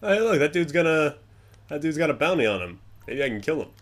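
A man's voice: fairly high pitch, sing-song, quick pace. Cursing young man grumbling over gameplay. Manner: swears a lot, grumbling then yelling at other players. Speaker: gameplay commentator. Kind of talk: casual gameplay commentary.

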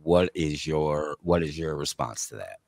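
Very deep, slow-talking man. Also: animated, creaky, darkish tone, dry recording, clean studio sound. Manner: slow, hesitant questioning. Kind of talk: casual podcast questioning.

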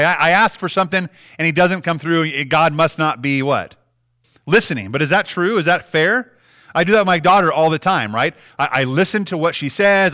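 A man's voice: fairly high pitch, pushed and bright. A man in his thirties, a pastor, preaching a sermon in a church in a conversational way, often restarting phrases and checking in with the listeners. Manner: conversational, with frequent restarts and "right?" asides. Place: church sanctuary.

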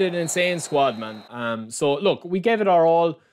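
A man with an excitable manner, commentating live on his own football video game and talking straight to his viewers. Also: a little high, normal speed, hardly any pauses, slight background noise. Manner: excitable, shouts and groans at the play, addresses viewers as lads. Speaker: gaming channel host.

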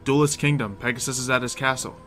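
A man's voice: mid-range voice, fairly even intonation, fast, a bit bright, faint music behind. A man leading a casual Minecraft roleplay, pushing the group along. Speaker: roleplay lead.

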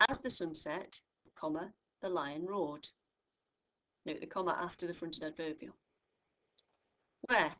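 A British woman tutor takes learners through a grammar lesson, her voice slightly low and a bit bright. She is clear and patient, stressing every example phrase so it sticks.

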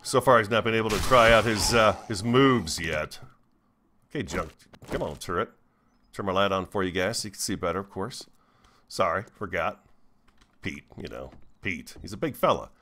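A man narrates his gameplay in a chatty, easygoing way, speaking straight to his audience. His voice sits low. A faint hiss of noise runs under the recording. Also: normal speed, bright, forceful tone. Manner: chatty, talks to viewers while playing. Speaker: gaming video host. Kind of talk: let's play commentary.

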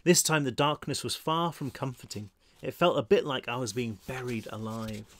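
A man reading his own novel aloud in first person, steady and measured. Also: medium pitch. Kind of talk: first-person audiobook narration.

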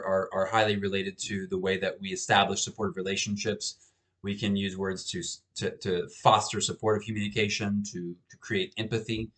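A man with a fairly low voice talks through a recorded college lecture. He explains patiently, often restarting his sentences and filling pauses as he goes. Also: a bit bright. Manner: frequent fillers and restarts, explanatory.

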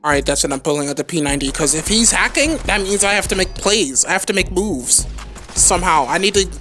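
A gaming YouTuber giving live gameplay commentary, ranting with sarcastic asides and yelping high when surprised. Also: expressive, fast, bright, forceful tone, faint music behind. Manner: ranting, exclaims with sudden high yelps; sarcastic asides, calls others "sir" and "bro".

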